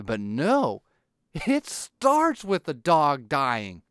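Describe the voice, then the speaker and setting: A man's voice: on the high side, wildly swooping pitch, extremely slow, fairly bright tone, smooth, no room sound, clean studio sound. A man delivering a ranting, mock-outraged monologue to his audience, swearing freely and getting worked up.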